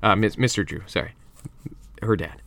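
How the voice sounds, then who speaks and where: A young man with a fairly low, fairly bright voice and vocal fry reads a book aloud at a moderate pace into a computer mic at his desk, with no room sound. As reader and host, he rambles into profane asides, interrupts himself, and drinks vodka as he goes.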